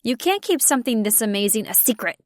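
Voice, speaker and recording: A woman's voice: on the high side, sing-song, fast talker, dry recording. Snappy, insistent young woman friend, read by a female narrator; close, dry audiobook sound.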